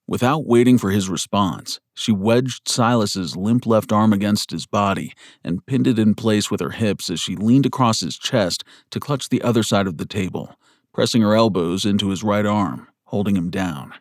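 A man narrating a western novel in measured scripted storytelling. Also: fairly low pitch, no echo, clean studio sound. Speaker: audiobook narrator.

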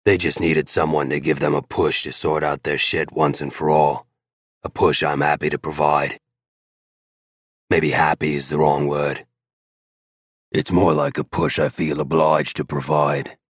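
A man's voice: extremely low pitch, little pitch movement, a little slow, husky, no room sound, clean studio sound. A man narrating a romance audiobook in the first person, blunt and swearing freely.

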